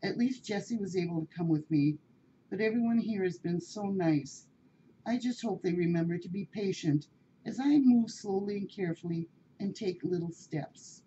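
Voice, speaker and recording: A woman's voice: on the low side, mellow, muffled recording, a little hiss or hum, close to an everyday voice. A woman voicing a dignified old lady cat. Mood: gentle. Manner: slow, proper and gracious.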